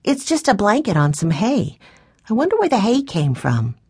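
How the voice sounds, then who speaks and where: A woman voicing a gentle young girl in a storybook reading, soft and wondering. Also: mid-range voice, huge pitch swings, normal speed, breathy edge, voice pushed up, heavily acted. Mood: curious.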